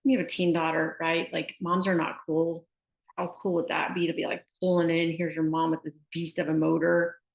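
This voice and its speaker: A middle-aged woman with a low, gravelly voice gives casual advice as a sports nutrition specialist. She is a chatty storyteller who keeps asking "right?". The recording is dull and lo-fi, in a roomy, echoey space. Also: level tone, normal speed. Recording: echoey room, dull lo-fi sound.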